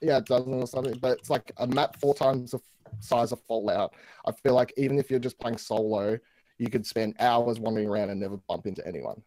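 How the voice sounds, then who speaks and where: A man talking as a guest on a casual panel chat, rambling and thinking out loud as he goes. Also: mid-range voice, fairly even intonation, brisk, no room sound, low-quality recording.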